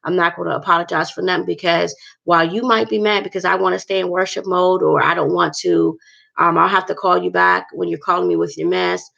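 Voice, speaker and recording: A woman's voice: fairly low pitch, steady tone, a little fast, gravelly, fairly bright tone, lo-fi sound. A woman vlogger talking earnestly to her viewers about faith, rambling and repeating herself.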